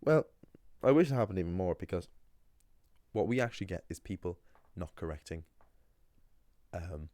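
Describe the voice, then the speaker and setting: In a dry recording, a young man from Ireland who runs a language channel delivers a rambling talking-head monologue, heavy with fillers and restarts. His voice sits low and expressive, warm in tone, moving at normal speed with long pauses.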